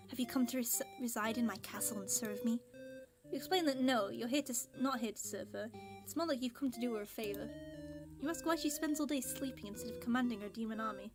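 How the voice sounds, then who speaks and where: A giggly, excitable young woman streaming a game and reading its text aloud, with a voice growing tired. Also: a little high. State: voice getting tired. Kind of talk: let's play commentary and reading game text. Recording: game music underneath.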